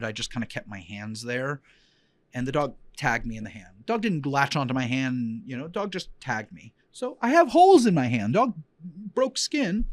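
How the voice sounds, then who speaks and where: A man's voice: mid-range voice, dry recording. A man hosting a podcast as a dog trainer, telling personal stories in a heartfelt, rambling way with many fillers and restarts. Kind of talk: emotional personal storytelling.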